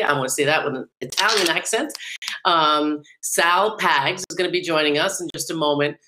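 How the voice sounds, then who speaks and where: Bright-toned low-voiced woman podcast host. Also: moderate pace, rough recording. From New York / New Jersey area. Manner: chatty, rambling with fillers and occasional laughs. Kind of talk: casual podcast hosting.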